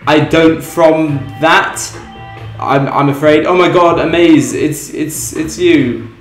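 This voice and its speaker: A man's voice: a little high, fairly even intonation, slow. A young British man hosting a livestream, chatting casually and rambling with many ums while he cooks. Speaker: livestream host. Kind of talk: casual chat while cooking and reading chat. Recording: roomy echo, faint music behind.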